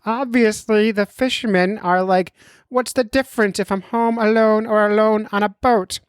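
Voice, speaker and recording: A man's voice: high voice, fairly even intonation, normal speed, smooth, no room sound, studio quality, voice pushed up, natural voice. A man doing the voice of an overworked doctor friend, who lectures in a curt, strained way. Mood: lecturing. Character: overworked male doctor, blunt and preachy. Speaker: impression of a doctor friend read from messages. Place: home basement.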